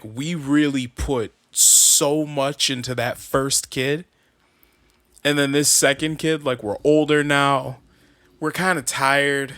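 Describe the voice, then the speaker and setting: A man's voice: medium pitch, bright, forceful tone, no echo. A man co-hosting a podcast in casual chat, laid-back and speculative, swearing now and then. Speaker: podcast co-host.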